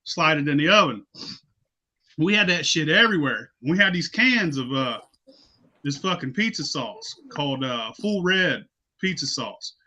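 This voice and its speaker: A man, hosting a podcast and telling loud, profane stories with lots of laughing. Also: on the high side, animated, measured pace, dull audio. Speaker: podcast host. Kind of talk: casual storytelling.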